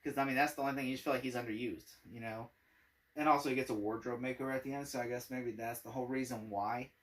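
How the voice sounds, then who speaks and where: A man's voice: medium pitch, fairly even intonation, fast talker, distant mic. A man giving a casual spoken movie review, rambling with many fillers and frequent laughter.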